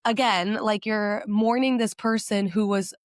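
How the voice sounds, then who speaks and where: A woman's voice: mid-range voice, steady tone, no room sound, studio quality. Chatty woman podcast co-host. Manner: conversational, frequent "like" fillers, quick agreeing "mm-hmm". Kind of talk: casual podcast conversation.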